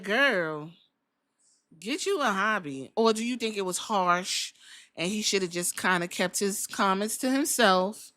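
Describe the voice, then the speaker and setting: Blunt, bright-voiced woman podcast host. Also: on the high side. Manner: blunt, profane, joking. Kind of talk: casual commentary podcast. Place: Columbus.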